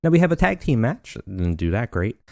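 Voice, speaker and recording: A man hosting a let's play, narrating and commenting on a wrestling booking game in a relaxed, rambling way full of fillers. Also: medium pitch, brisk, gravelly, no echo, clean studio sound.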